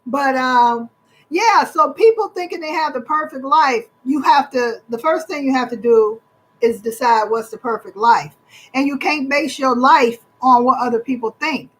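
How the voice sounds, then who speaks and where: A cheerful, chatty woman in middle age hosts a relaxed live chat with her viewers. She speaks with a high voice and an upbeat, talkative manner. She comes from Michigan. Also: normal speed, poor audio. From Michigan, USA. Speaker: livestream host.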